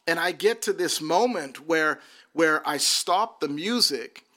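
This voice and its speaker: A man's voice: fairly high pitch, expressive, slow pace, sharp tone. A man who works as a minister, telling his personal testimony earnestly and often repeating words as he restarts a sentence.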